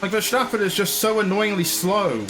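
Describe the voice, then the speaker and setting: High-voiced man ranting over a race game. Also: steady tone, normal speed, over music. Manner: frustrated, ranting. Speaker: gaming channel host. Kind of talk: live game commentary.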